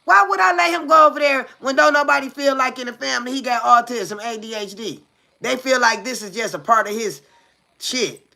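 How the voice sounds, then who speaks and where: A woman's voice: fairly high pitch, a little fast, vocal fry, bright, forceful tone. A middle-aged woman talking frankly to her live viewers in a rambling, profane, confessional way, often checking if they hear her. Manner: blunt and profane, keeps asking viewers "you hear me?"; loose, rambling, with repeated fillers. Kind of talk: casual confessional live chat.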